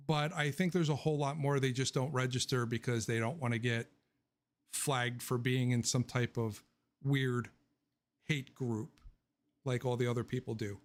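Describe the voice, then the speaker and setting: A man hosting a casual livestream Q&A, rambling and joking, blunt with his opinions and laughing often. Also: mid-range voice. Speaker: livestream host answering viewer questions.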